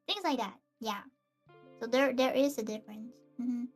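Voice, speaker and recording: A guest on a casual streamed chat, talking in a hesitant, halting way. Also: mid-range voice, faint music behind. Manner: hesitant, halting, quick laughs. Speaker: podcast guest.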